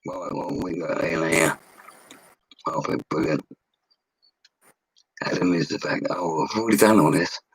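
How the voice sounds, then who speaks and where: The voice is extremely low and husky, measured in pace with long pauses, and the recording is rough. It belongs to a forty-year-old Londoner telling casual, blunt stories about his bricklaying work on a livestream, slang and mild swearing included.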